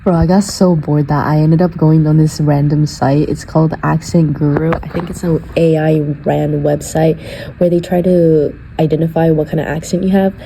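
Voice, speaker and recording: A young woman with a low, mellow voice rambles casually to her camera, her talk full of fillers. English is not her first language. Faint room ambience hangs behind her. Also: steady tone, normal speed, creaky, a little hiss or hum, low-quality recording. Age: young adult. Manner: rambling, chatty, lots of "like". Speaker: vlogger. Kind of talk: casual vlog chat. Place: dorm room, sounding echoey.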